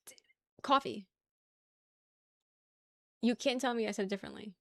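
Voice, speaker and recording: A woman's voice: a little high, steady tone, rapid-fire, darkish tone, no room sound. A young woman from the New York area chatting casually with her stream chat, joking, laughing and rambling.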